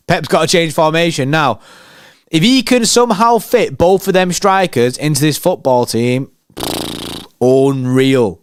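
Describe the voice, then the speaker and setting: A man hosting a live match watchalong, excitable and slangy as he chats with viewers. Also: on the high side, measured pace, clean tone, no room sound. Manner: excitable, slangy, banter with chat. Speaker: fan channel host.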